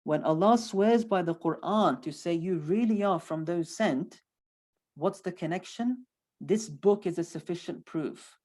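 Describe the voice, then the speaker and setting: A male teacher gives an online lecture on a sacred text. He speaks with steady emphasis and stacks short repeated phrases to drive each point home. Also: high-pitched, measured pace. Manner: emphatic, building repetition. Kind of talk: lecture explaining scripture.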